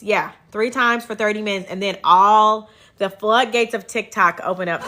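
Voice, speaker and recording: Upbeat woman with a bright, forward voice; a chatty livestream host who breaks off to thank viewers. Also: mid-range voice. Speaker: herbal wellness livestream host. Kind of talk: casual livestream chat.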